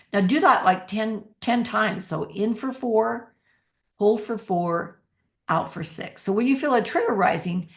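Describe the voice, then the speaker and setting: A middle-aged woman giving a motivational workshop talk as a parenting coach, energetic and slowing down to stress key phrases. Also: mid-range voice.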